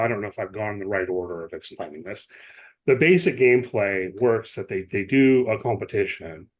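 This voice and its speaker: A man co-hosting a podcast, explaining at length in casual chat, with many asides and restarts. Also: on the low side. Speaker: podcast co-host.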